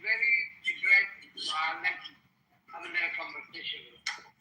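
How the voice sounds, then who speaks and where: Guy in a chat, halting, bright thin voice, sounds far off. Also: a little high, fairly even intonation. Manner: halting, hesitant. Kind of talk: casual group chat. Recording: roomy echo from far off the mic.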